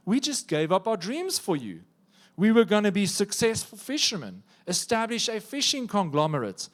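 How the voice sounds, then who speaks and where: A man preacher voicing an adult male disciple who pleads insistently with his teacher. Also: high voice.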